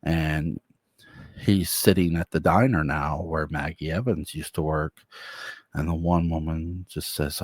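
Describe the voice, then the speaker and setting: A man's voice: rumbling low, steady tone, unhurried, no room sound. A man casually retelling an imagined episode of a show as a fan, rambling with restarts and chuckles.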